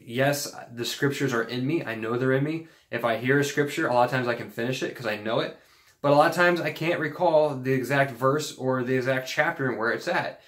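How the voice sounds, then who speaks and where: A man's voice: medium pitch, a bit bright, echoey room. A man giving an earnest, casual teaching talk on faith, rambling a bit with fillers and restarts. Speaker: Christian video host.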